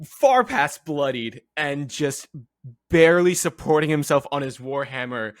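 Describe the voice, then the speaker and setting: A man's voice: fairly high pitch, a little slow, no echo, clean studio sound. A man playing a tabletop game, narrating his character's actions theatrically. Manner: theatrical, lively exclamations. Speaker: player.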